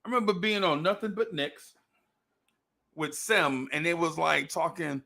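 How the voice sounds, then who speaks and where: A man hosting a casual sports podcast, talking in an animated way, repeating phrases and laughing often. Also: on the high side, a little slow, creaky. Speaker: podcast host.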